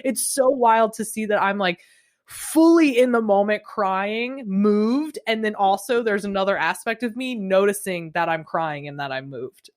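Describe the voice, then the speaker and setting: A woman's voice: medium pitch, lively intonation, unhurried. A young adult woman hosting a podcast, talking in a casual, rambling, confessional way full of fillers. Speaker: podcast host.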